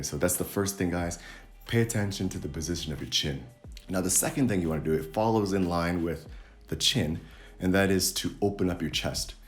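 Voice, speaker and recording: A man giving a casual voice lesson to camera, relaxed and coaching, demonstrating sounds as he explains. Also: deep voice.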